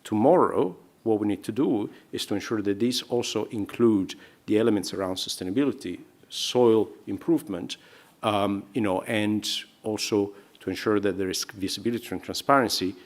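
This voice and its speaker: A man speaking on a conference panel. His voice sits low, and he lays out his points in a steady, explanatory way. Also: normal speed.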